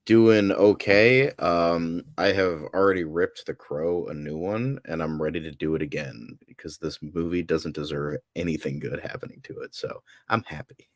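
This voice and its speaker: A man's voice: sits low, normal speed, hardly any pauses, no room sound, clean studio sound. A man co-hosting a casual podcast, blunt and enthusiastic. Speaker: co-host.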